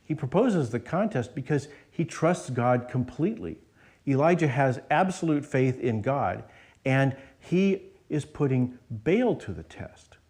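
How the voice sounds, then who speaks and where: A man's voice: mid-range voice, animated, measured pace, a little mellow. A man preaching a sermon as pastor, in a conversational way with frequent restarts and fillers. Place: church.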